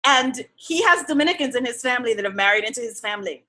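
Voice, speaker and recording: Lively, bright-voiced storytelling woman. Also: a little high, fast. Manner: expressive, laughing, jumps between loud outbursts and soft asides. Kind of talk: animated casual storytelling.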